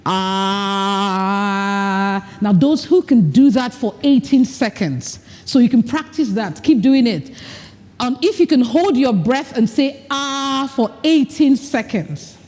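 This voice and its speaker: High-voiced woman coaching in a big hall. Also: sing-song, a little slow, mellow. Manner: demonstrates with her voice and breath. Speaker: leadership coach. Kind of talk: workshop talk. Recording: long hall reverb.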